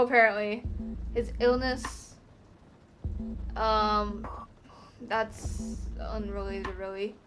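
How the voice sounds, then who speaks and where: A woman chatting through a game, easily spooked and reading on-screen text aloud in halting bursts. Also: medium pitch, level tone, fairly bright tone. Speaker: gamer playing a courtroom game. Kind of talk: gameplay commentary. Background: game music.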